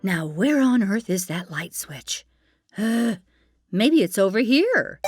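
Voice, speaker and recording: A woman hosting a children's storytime, narrating in a gentle, theatrical and reassuring way. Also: medium pitch, big pitch swings, slow, music in the background. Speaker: storyteller host.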